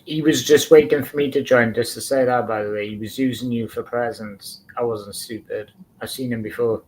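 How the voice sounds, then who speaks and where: A man's voice: mid-range voice, fairly even intonation, normal speed, darkish tone, slight background noise, poor audio. A man on a live stream call, speaking in a mocking, taunting way. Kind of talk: casual chat.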